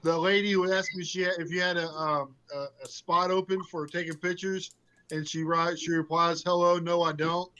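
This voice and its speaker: Bright high-voiced man chatting. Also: little pitch movement, moderate pace, clean tone, muffled recording. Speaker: group member. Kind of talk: casual chat.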